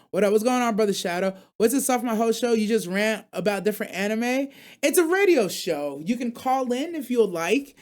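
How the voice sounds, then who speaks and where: A man's voice: high voice, a little mellow. A man hosting a live anime radio stream, chatting casually in a rambling, slangy way and reacting to chat while recovering from being sick. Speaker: radio show host.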